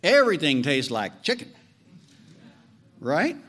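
Lively, high-pitched male preacher. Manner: animated, joking asides, slow emphatic phrases. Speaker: pastor. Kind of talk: sermon.

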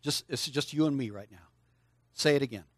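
An older man with a medium-pitched voice preaches to children during a church service, speaking briskly and coaxing them to join in and answer aloud. His manner is lively as he addresses the kids directly in this participatory children's lesson. The recording is dry.

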